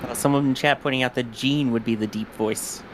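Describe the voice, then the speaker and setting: A man's voice: mid-range voice, steady tone, background noise. A man co-hosting a live stream, chatting casually and joking between explanations. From New York–New Jersey border. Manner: joking, chatty, quick asides. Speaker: livestream co-host.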